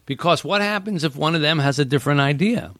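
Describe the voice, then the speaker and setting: A man's voice: on the high side, quick pace, fairly bright tone, no echo, clean studio sound. A man hosting a casual talk, explaining ideas and acting out what people say. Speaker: host. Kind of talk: casual podcast chat.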